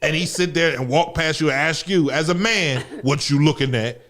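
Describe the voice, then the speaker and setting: A man co-hosting a radio show, reading out listener letters and reacting loudly with swearing and laughter. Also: on the high side, normal speed. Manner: loud, animated, swears a lot, laughs often. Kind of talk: casual profane radio banter.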